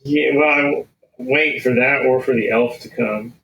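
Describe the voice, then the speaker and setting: A man's voice: medium pitch, steady tone, normal speed, gravelly, dull audio. A man playing a tabletop game, hesitantly asking questions while he plans his moves. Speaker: player.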